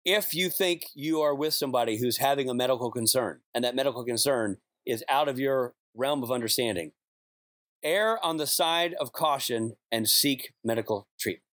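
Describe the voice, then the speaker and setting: A man's voice: mid-range voice, moderate pace, dry recording, clean studio sound. A man with a slight lisp and loose diction, a podcast guest talking casually and poking fun at himself. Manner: self-deprecating, animated storyteller.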